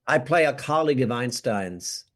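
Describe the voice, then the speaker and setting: An American man chatting as a podcast guest, his pitch rising and falling a lot as he tells self-deprecating stories. He speaks at a middle pitch and a relaxed, conversational pace. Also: moderate pace. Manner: animated, self-deprecating storyteller who acts out quotes. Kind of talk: casual interview chat.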